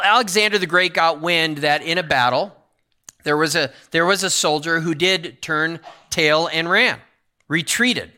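Bright-voiced male pastor preaching. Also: on the high side. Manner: earnest, repeats key phrases for emphasis. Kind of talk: sermon.

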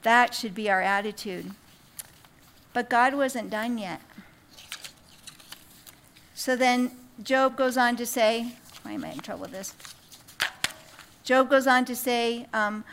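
A woman teaching a Bible study to women, talking casually with quick asides and then reading scripture out with emphasis. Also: on the high side, a bit bright, slight background noise.

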